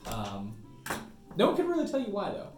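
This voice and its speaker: A man's voice: high-pitched, wildly swooping pitch, normal speed, a little mellow. A man from Minnesota runs a tabletop game and rambles through his descriptions. He stops for fillers and breaks into laughter. The voice is recorded from a distance in an echoey room with faint music playing. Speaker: game master. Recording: roomy echo, mic at a distance, faint music.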